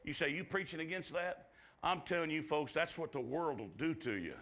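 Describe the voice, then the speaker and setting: A man preaching a revival sermon in a church, drawling folksy asides and shouting at the climaxes. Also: fairly high pitch, expressive, a little fast.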